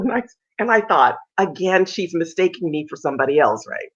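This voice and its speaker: A woman in her fifties, an opera singer and interview guest, telling stories in a lively way and acting out the voices of people she quotes, heard over a video call. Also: medium pitch, moderate pace, breathy edge. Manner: animated storyteller, acts out quoted voices. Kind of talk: casual interview storytelling. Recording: muffled video call audio.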